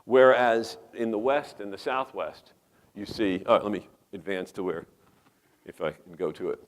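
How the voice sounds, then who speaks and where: A man's voice: on the low side, steady tone, moderate pace, a little hiss or hum. Emphatic New York man lecturing. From New York metropolitan area. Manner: emphatic, rambling asides, rhetorical questions. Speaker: conference speaker. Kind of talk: lecture presentation. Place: conference hall.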